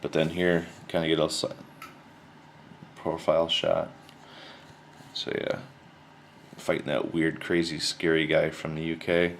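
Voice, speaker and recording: A man chatting casually to camera about his collection, rambling and relaxed, with plenty of slang and fillers. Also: extremely low pitch, a little slow, long pauses, slight background noise. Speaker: card collector showing his mail returns.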